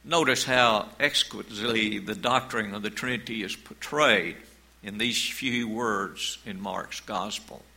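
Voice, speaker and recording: A man preaching a sermon as pastor, in a slow, measured way, reading scripture aloud. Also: on the low side, vocal fry, pushed and bright, poor audio.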